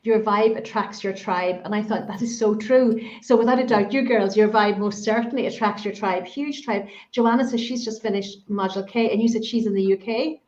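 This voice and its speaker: A woman's voice: medium pitch, a little fast, few pauses, a little mellow. Irish woman host on a dull echoey line. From Ireland. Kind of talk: casual interview, reading viewer comments.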